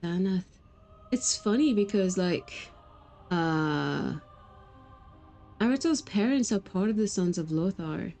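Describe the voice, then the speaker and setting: A woman's voice: fairly low pitch, lively intonation, takes it slowly, long pauses, mellow, soft background music, low-quality recording. A woman streaming a game, chatting casually and telling rambling stories with frequent laughs. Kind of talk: casual gameplay chat.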